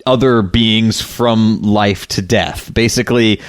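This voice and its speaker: A man's voice: on the low side, steady tone, takes it slowly, clear, resonant tone. A man co-hosting a podcast in casual chat, rambling with lots of fillers and restarts, laughing often. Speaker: podcast co-host.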